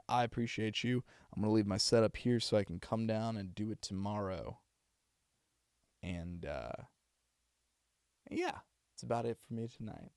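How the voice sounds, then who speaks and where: A man's voice: fairly low pitch, creaky, a little mellow, no echo, clean studio sound. A young man streaming from his home setup, talking in a practiced Boston accent and rambling with many restarts as he thanks viewers. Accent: Boston, put on for practice. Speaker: streamer and voice actor. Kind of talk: casual chat signing off a livestream.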